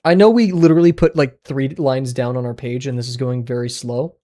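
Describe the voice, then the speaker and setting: Male streamer at a desk mic, casual running chat, mid-pitched, quick yelps and muttered asides. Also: fairly even intonation, dark tone. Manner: chatty, reacting aloud with sudden yelps and mumbled asides. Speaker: art livestreamer. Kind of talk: casual livestream chat playing daily web games.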